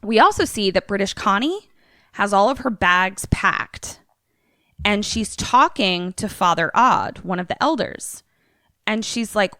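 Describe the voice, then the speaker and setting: A young adult woman co-hosting a podcast casually recaps a film, telling it with animation and acting out the characters' lines. Her voice sits at medium pitch and she keeps a measured pace. The studio sound is clean with no room sound.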